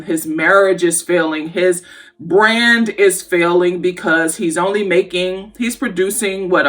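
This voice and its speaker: Slow, low-voiced woman reviewing a film. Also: a bit bright. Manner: candid, opinionated, conversational with restarts. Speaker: movie reviewer. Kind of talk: casual spoken film review. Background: faint background music.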